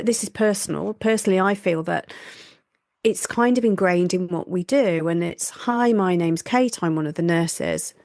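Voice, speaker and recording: A woman's voice: mid-range voice, vocal fry, darkish tone, dry recording. Chatty nurse lady on a podcast, dry close mic, easygoing. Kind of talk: casual chat.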